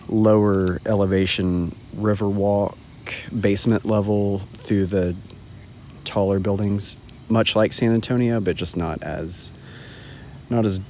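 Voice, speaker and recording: A man's voice: deep voice, darkish tone. A man co-hosting a podcast, chatting casually and rambling outdoors in a park. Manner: rambling, laughs often. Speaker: podcast co-host. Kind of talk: casual chat. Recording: dull lo-fi recording, faint noise.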